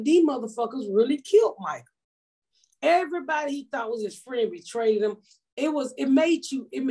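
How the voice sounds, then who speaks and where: Husky, profane woman podcast host. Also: mid-range voice. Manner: loud, profane, animated storytelling. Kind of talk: casual chat, storytelling.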